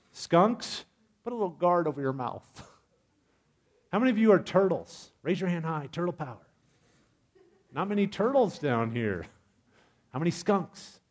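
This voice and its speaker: A man preaching a sermon in a lively, humorous way, asking his congregation questions. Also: a little high. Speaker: pastor.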